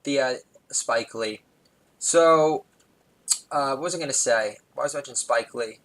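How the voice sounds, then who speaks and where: A New man talks through a loose stand-up monologue at a middling pitch he never loses. He wanders off on tangents, loses his thread, and chuckles at his own punchlines. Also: normal speed, fairly bright tone, low-quality recording. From New York. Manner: rambling, digressive, laughs at own jokes. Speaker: comedy podcast host.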